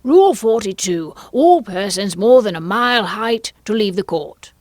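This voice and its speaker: A woman's voice: mid-range voice, expressive, moderate pace, darkish tone, dry recording, studio quality, voice pushed up, lightly acted. A woman voicing a foolish, blustering male king in an audiobook. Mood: pompous.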